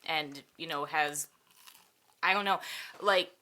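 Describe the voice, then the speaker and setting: A young woman, a podcast guest, chatting casually in an expressive, empathetic way and laughing easily. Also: sits low, takes it slowly. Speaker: podcast guest, burlesque performer. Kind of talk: casual chat.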